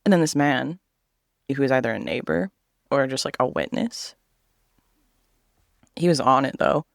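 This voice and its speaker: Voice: mid-range voice, moderate pace, creaky, no echo, studio quality. A man in his thirties telling a personal story in a casual vlog chat, swearing freely and acting out what other people said.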